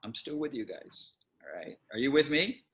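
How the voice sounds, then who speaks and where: A man teaching an online Bible class in a relaxed, rambling way, often stopping to correct himself. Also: mid-range voice, normal speed, creaky. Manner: conversational, rambling with self-corrections. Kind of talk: casual online Bible lesson.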